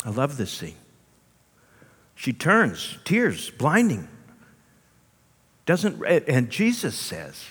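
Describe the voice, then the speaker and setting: Animated male preacher in a reverberant hall. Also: medium pitch, measured pace. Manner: animated storytelling, rhetorical asides. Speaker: pastor. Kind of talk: sermon.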